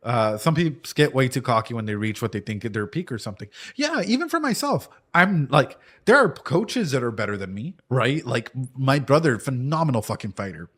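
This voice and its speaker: A man's voice: medium pitch, sing-song, a little fast, hardly any pauses, fairly bright tone, breathy edge. A man in his thirties chatting casually as a reaction streamer and martial arts coach, rambling through a long story full of "dude" and "right?" and the odd swear word. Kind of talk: casual chat reacting to anime.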